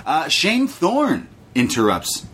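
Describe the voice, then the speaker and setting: A fairly high, slightly bright, husky male voice that moves slowly with huge pitch swings. The young podcast co-host is recapping wrestling, laid-back and jokey, cursing a lot and imitating others.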